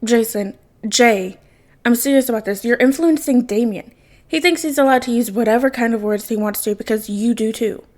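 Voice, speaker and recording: A woman's voice: on the high side, normal speed, natural voice. A woman reading the lines of a weary, stern grown man who pleads earnestly with his son in a storybook reading. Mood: tired, earnest.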